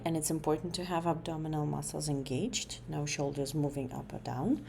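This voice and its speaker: A woman with a low, mellow voice walks through voice exercises for a class presentation. She pauses often with fillers and restarts her phrases. Faint room ambience sits behind her. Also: vocal fry, a little hiss or hum. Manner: hesitant, many fillers and restarts.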